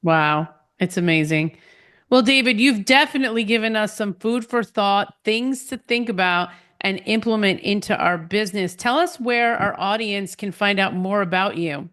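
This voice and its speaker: A woman's voice: medium pitch, normal speed, a bit bright. Upbeat woman hosting a podcast. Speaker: podcast host. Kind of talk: interview chat.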